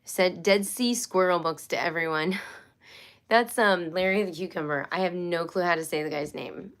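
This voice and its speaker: A woman's voice: on the low side, moderate pace, fairly bright tone. A woman hosting a casual homeschool live stream, chatty and rambling, with many fillers and restarts. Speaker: homeschool livestream host.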